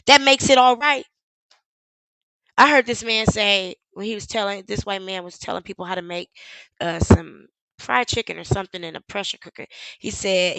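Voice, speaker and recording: A woman's voice: high voice, fairly bright tone, no room sound, poor audio. A woman streamer giving sarcastic live commentary on a news clip, firing off blunt rhetorical questions and the odd swear word.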